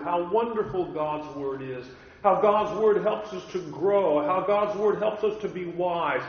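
A man from California preaching a sermon, telling stories and repeating key phrases with emphasis, in a church hall. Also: on the high side. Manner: earnest storytelling, emphatic repetition. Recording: echoey hall, dull lo-fi.

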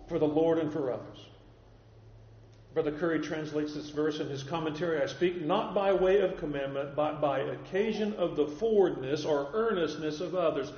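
A man's voice: fairly high pitch, lively intonation, fairly quick, darkish tone, a little hiss or hum. A man preaching an expository Bible sermon, emphatic and quoting scripture, recorded in a church hall. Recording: echoey hall, dull lo-fi sound.

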